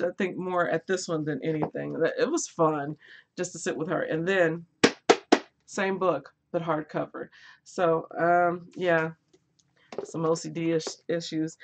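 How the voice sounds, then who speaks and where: A woman's voice: fairly low pitch, slight background noise. Chatty laughing woman on a book live stream. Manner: laughs often, chatty and lively, reads out viewer comments. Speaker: booktube live stream host. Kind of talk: casual live-stream chat with viewers.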